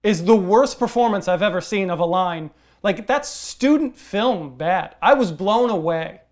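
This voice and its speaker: A man's voice: high-pitched, expressive, unhurried. A man co-hosting a film podcast in casual chat, talking emphatically and laughing often. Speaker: podcast co-host.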